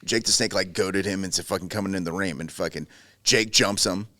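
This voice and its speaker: A man in his thirties co-hosting a podcast, telling a story in a profane, excitable way and laughing often. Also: sits low, a little fast, dry recording. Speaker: podcast co-host. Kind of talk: animated storytelling, casual chat.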